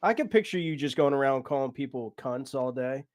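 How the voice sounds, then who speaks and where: A man hosting a casual chat, asking relaxed, curious questions and reacting quickly. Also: medium pitch.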